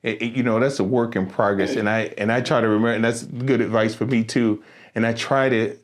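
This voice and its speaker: Middle-aged guy hosting a podcast, laughy storyteller, keeps repeating words, regular pitch. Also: fairly even intonation, brisk. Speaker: podcast host. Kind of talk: casual interview chat.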